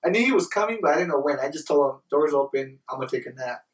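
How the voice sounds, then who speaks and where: A young man telling crude stories in casual chat, mimicking other people in high voices. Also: animated, racing, far from the mic. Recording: roomy sound from off the mic.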